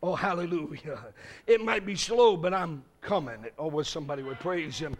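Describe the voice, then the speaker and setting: High, lively, bright-voiced male preacher. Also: moderate pace. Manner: dramatic, acts out voices, builds to shouting. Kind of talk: revival sermon.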